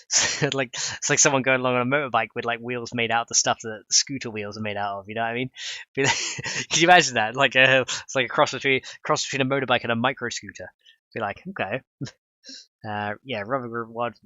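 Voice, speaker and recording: Stuffy-nosed male streamer, low, bright tone, rambling casual chat, dry lo-fi mic. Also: dry recording. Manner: rambling, thinks aloud with chuckles. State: stuffed-up nose. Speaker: livestreamer and game modder.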